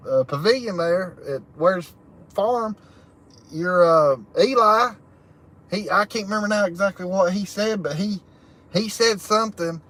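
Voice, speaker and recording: His voice is high-pitched and a bit bright. He's hosting a casual livestream while camping in a chicken hut, reading the chat aloud, laughing frequently, and drawling in a folksy way.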